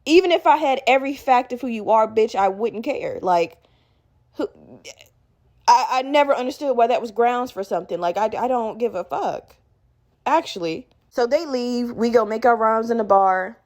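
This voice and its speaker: A woman hosting her own podcast, telling a story in a profane, animated way and laughing as she talks. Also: fairly high pitch, normal speed. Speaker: podcast host.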